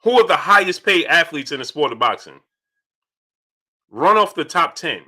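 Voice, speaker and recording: Animated young man hosting a live stream. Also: a little high, moderate pace, breathy edge. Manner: animated, repeats himself, shouts out viewers. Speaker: livestream host reading super chats. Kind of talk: casual livestream chat.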